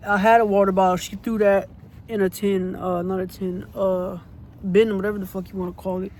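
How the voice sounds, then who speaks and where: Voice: medium pitch, flat delivery, a little fast, darkish tone, a little hiss or hum. Blunt, indignant storyteller, swearing freely. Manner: repeats points for emphasis. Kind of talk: casual storytime vlog.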